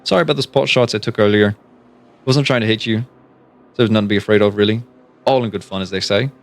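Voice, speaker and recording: Cocky, taunting male Irish gunman, done by a man reading aloud in a low-voiced, loud put-on accent. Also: fast talker, natural voice.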